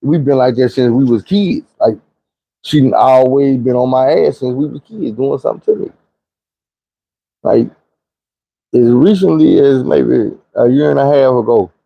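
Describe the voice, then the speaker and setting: A man's voice: mid-range voice, measured pace, vocal fry, pauses often, no echo, muffled recording. A young man telling a profane, vivid personal story in a casual monologue. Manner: vivid, profane retelling with shouted quotes.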